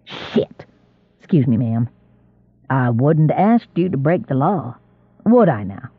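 A man's voice: mid-range voice, big pitch swings, takes it slowly, breathy edge, dry recording, lo-fi sound, voice pushed down, exaggerated voice. A man voicing a meek drifter. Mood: weary.

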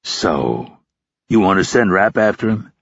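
A male narrator plays a gruff senior intelligence officer, impatient and profane. His voice is low and husky. It is recorded dull and dry. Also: very animated, measured pace, no echo, heavily acted. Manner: blunt, impatient, swears often.

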